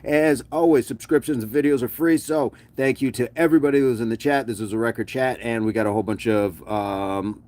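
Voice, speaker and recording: A man's voice: on the low side, a little mellow. A man hosting a casual fitness live stream, playful and jokey as he chats with viewers on his phone. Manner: playful, jokey, hypes up the chat.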